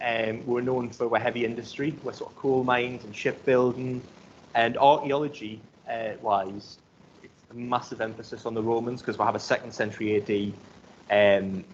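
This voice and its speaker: A young man with a Geordie accent from South Shields giving an academic talk in a loose, conversational way, full of "um" and "like". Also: medium pitch. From South Shields, North East England. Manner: conversational, many fillers like um and like. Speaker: archaeology lecturer. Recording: dull lo-fi recording with faint noise.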